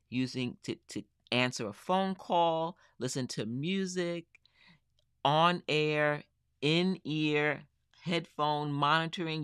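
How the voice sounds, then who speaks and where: Excited gear reviewer on a home live stream, slow and chatty, bright voice, dry close mic. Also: medium pitch, clear, resonant tone, dry recording. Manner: enthusiastic, repeats words for emphasis. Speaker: tech reviewer for teachers. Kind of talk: live-streamed product demo. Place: home kitchen table.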